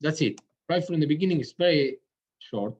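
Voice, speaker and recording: A man teaching a tango music lesson. He pauses often to find his words and sings rhythm patterns out loud with syllables. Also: fairly high pitch, expressive. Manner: halting, searching for words. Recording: dull lo-fi sound.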